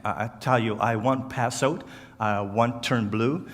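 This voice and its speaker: A man from Cape Breton Island with a Cape Breton accent, speaking as a guest at church in a slow, halting way, with slurred words and restarts. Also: medium pitch. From Cape Breton Island, Canada. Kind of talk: church talk to a congregation. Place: church hall. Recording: church hall reverb.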